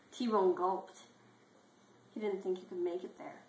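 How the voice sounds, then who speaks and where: A woman narrates a children's storybook as a deadpan, irreverent parody. Her voice sits in an echoey room with a faint hiss underneath. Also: medium pitch, moderate pace.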